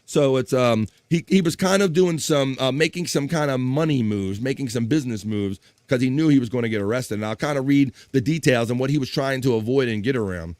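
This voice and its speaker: A male host keeps a casual livestream talk show rolling and reads viewer comments aloud in a chatty, easygoing way. His voice sits at an average pitch. The sound is dry and close to the mic. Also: a little fast, few pauses, darkish tone, no room sound.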